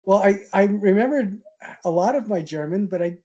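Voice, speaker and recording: A man's voice: high voice, expressive, normal speed, mellow, lo-fi sound. A man teaching an art history class, telling casual, rambling anecdotes with fillers and chuckles. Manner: chatty, hesitant, laughs at own stories.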